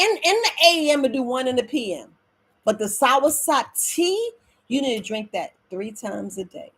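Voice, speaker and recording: A middle-aged woman herbalist talking casually to viewers on a live stream from home, animated and preachy, calling them family. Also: high voice, husky.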